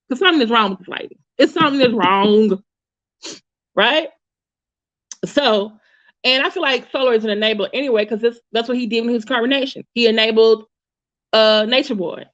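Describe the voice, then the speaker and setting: A woman's voice: sits high, a bit bright, muffled recording. A woman giving casual, blunt commentary, chatty and often restarting her sentences. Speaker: commentary YouTuber.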